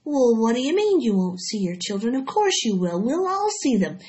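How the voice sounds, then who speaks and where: A woman's voice: a little high, normal speed, voice pushed up. A woman doing an eager young pig boy. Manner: excited, wondering questions. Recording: dull lo-fi recording.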